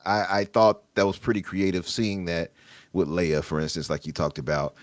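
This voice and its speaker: A man's voice: sits low, level tone, normal speed, no room sound. A man with a Chicago accent, chatting on a gaming podcast and musing aloud about chat comments, hesitant and thoughtful.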